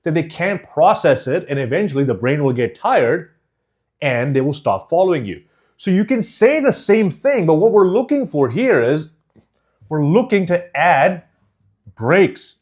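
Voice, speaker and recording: Emphatic speaking coach with lively pitch. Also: male voice. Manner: deliberate, over-enunciated, emphatic. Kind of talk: instructional course.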